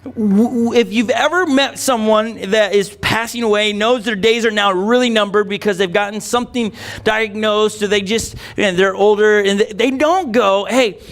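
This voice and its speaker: High-voiced animated male preacher. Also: moderate pace. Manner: animated, conversational, with playful asides and acted-out quotes. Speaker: pastor. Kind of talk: sermon. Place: church stage in front of a congregation.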